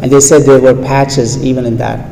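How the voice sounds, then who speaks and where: A man preaching a sermon to an audience, telling stories with animated delivery and acting out the quoted voices. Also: mid-range voice, normal speed, creaky. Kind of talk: sermon storytelling. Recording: reverberant hall with faint background noise.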